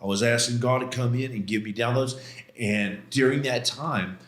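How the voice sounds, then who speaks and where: Middle-aged male guest, animated storyteller, mid-pitched voice, echoey room sound. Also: normal speed. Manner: animated, acts out quoted voices, frequent "man". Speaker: podcast guest. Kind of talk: casual storytelling interview. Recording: roomy studio echo.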